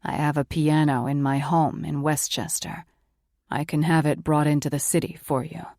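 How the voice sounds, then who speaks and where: A woman reading an audiobook, voicing a smooth, confident man who speaks in a low, measured and knowing way. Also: steady tone, darkish tone, no echo, clean studio sound. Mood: curious. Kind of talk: audiobook character voice.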